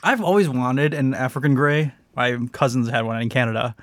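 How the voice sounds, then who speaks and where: A man in casual podcast chat who laughs often and bursts into loud shouted curses. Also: medium pitch, moderate pace, no room sound, studio quality. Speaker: podcast co-host.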